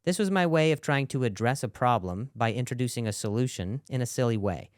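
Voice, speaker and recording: A man's voice: mid-range voice, expressive, brisk, clear, resonant tone, no echo, clean studio sound. A young man with a stutter doing a stand-up set, sarcastic and self-deprecating while working the crowd. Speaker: stand-up comedian. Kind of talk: stand-up set with narrated commentary.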